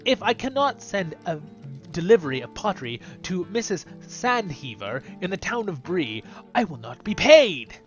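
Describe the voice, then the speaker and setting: A man's voice: high-pitched, sing-song, normal speed, lo-fi sound, soft background music, voice pushed up. A man voicing a worried trader in a video game, with a put-on Scottish accent, stumbling over the lines. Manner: stumbling read-aloud quest text. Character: put-upon male trader short of pottery.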